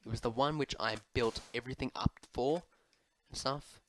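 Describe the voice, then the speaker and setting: A man's voice: mid-range voice, normal speed, slight background noise. A man giving casual gameplay commentary, answering viewer questions in a rambling, chatty way with lots of fillers and asides to his pet, at a desk microphone at home. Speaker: Minecraft YouTuber.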